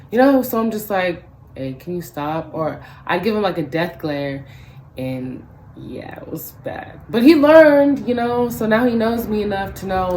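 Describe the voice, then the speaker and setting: Animated ranting young woman vlogger. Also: lowish voice, a little hiss or hum, rough recording. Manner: animated, profane, acts out both sides of the story. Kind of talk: ranting storytime vlog.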